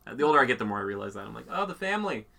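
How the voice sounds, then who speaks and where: A man's voice: lowish voice, very fast, gravelly, bright, forceful tone. A young man hosting a casual family interview, playful and teasing. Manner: playful, teasing, puts on silly voices in quotes. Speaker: host.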